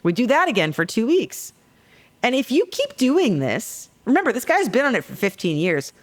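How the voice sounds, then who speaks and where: A woman psychologist talking as a guest on a podcast interview, telling stories in a lively, joking way. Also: fairly high pitch, normal speed. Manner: lively, jokey storytelling.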